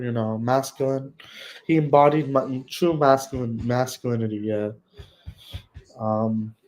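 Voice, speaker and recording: A man hosting a casual solo livestream, talking in a soft, somber, hesitant way and searching for words. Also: medium pitch, poor audio. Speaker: livestream host.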